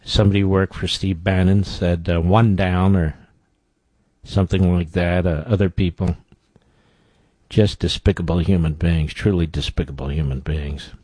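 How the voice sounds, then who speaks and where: A male talk host with a very low voice speaks bluntly and with emphasis, leaning on repeated words to press his points. The sound is dry and close, with no room around it. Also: fairly even intonation, moderate pace, mellow, breathy edge, dry recording. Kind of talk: opinionated commentary.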